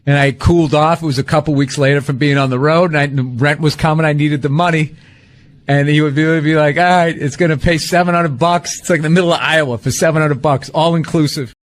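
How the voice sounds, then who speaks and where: A man's voice: a little high, steady tone, fast. A male comedian in a casual interview, telling self-mocking stories about old gigs.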